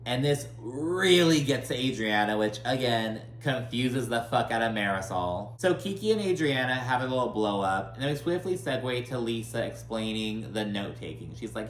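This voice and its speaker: A man's voice: medium pitch, animated, moderate pace, hardly any pauses. A man recapping a reality show in a gossipy, sarcastic way, cursing freely and filling his speech with "like.". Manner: gossipy, sarcastic, swears a lot, many "like" fillers. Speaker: recap commentator. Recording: echoey room with faint hum.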